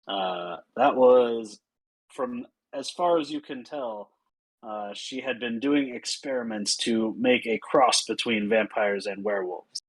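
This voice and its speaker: A man running a tabletop game, speaking slowly and unhurriedly with a husky voice, dotted with fillers. The recording is dry and close. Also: medium pitch, no room sound, poor audio. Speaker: game master.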